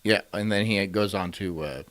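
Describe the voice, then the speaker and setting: A man's voice: a little high, big pitch swings, measured pace, a bit bright. A man hosting a stream, ranting in profane, incredulous commentary and laughing often. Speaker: streamer host.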